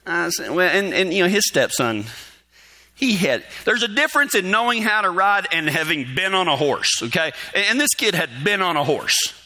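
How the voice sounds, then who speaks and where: A man's voice: sits high, sing-song, moderate pace, pushed and bright. A man preaching, telling a folksy story and chuckling often as he talks. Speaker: pastor. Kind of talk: storytelling sermon.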